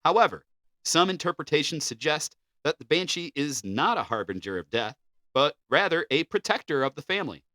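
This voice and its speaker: A man's voice: fairly high pitch, big pitch swings, brisk, sharp tone, no echo. A man co-hosting a podcast, reading facts from notes and then joking around casually. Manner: joking, loose, swears casually. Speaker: podcast co-host.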